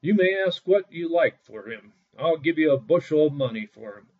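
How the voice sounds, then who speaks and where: A man's voice: a little high, lively intonation, normal speed, distant mic, pitched above the performer's own voice. A man voicing a gullible, eager male farmer in a fairy tale, talking in a pleading way, on a dull lo-fi recording. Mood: begging.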